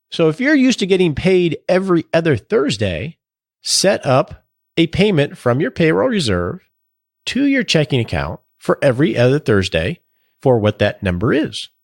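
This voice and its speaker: Animated man hosting a podcast. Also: fairly high pitch, no echo, studio quality. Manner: jokey, conversational. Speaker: podcast host and financial planner. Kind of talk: casual podcast chat and explainer.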